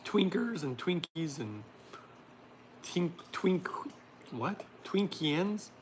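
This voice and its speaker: A man hosts a casual livestream, reading viewer comments aloud and riffing on them with jokes and frequent laughter, often trailing off. His voice is fairly high and animated, with drawn-out words and slight background noise.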